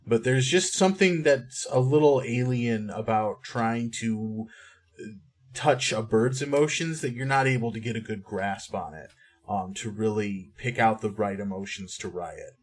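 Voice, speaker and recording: A man's voice: lowish voice, unhurried. A man running a tabletop game as game master, describing scenes with frequent ums. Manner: descriptive, hesitant with many ums.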